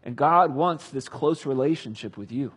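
A man preaching a sermon, earnest and swinging between loud emphasis and hushed tenderness. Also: mid-range voice, moderate pace, husky. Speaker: pastor.

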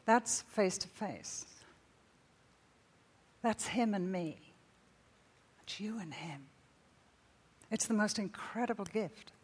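An older woman giving a sermon, telling stories with warmth and laughter. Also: medium pitch, animated, slow, long pauses, breathy edge. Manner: storytelling with laughter. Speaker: speaker. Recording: long reverb of a hall.

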